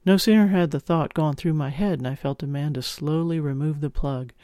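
A man reading a first-person audiobook in an intimate, expressive storytelling manner, close on the mic. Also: a little high, a little fast, dry recording. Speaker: audiobook narrator.

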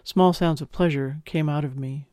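A man reading a first-person audiobook in an intimate, expressive storytelling manner, close on the mic. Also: on the high side, normal speed, no echo. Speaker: audiobook narrator.

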